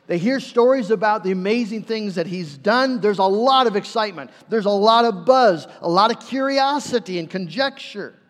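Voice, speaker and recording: A man's voice: high voice, lively intonation, normal speed, hardly any pauses. A man pastor preaching a sermon, telling the story earnestly and acting out its voices. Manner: earnest storytelling with acted-out quotes. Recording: long hall reverb.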